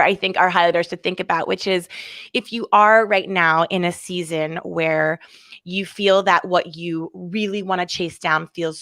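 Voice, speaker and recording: A woman's voice: lowish voice, fairly bright tone, no echo, clean studio sound. A woman hosting an interview, responding energetically with laughter and reflecting on the guest's story for listeners. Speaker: host. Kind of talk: conversational interview commentary.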